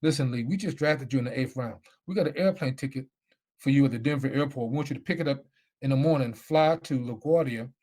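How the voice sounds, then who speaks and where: A man putting on the voice of a stern male head football coach, gruff and clipped. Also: mid-range voice, fast, darkish tone, close to an everyday voice. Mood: businesslike.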